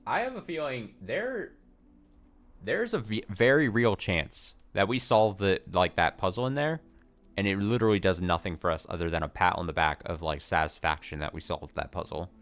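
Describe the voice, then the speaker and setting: A man with a low voice gives casual commentary while playing a puzzle game. He thinks out loud, swears freely and pokes fun at himself. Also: animated, moderate pace. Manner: thinks aloud, swears casually, self-mocking. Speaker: let's play streamer.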